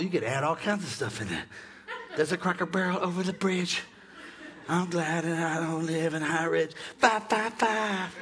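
A man preaching a lively sermon. He talks in a high register with a bright, ringing tone. He jokes with the congregation and calls on them to shout back. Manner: animated, joking, shouting to the crowd. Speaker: pastor.

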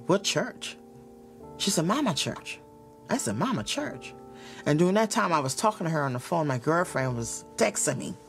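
A woman giving a personal testimony, retelling events with emotion and acting out the dialogue. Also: low voice. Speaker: interviewee in a testimony video.

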